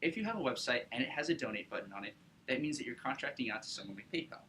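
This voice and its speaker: A young man casually pitching his startup to an audience, upbeat, with lots of fillers and tag questions. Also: lively intonation, very fast, sharp tone, a little hiss or hum, rough recording. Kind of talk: business pitch presentation.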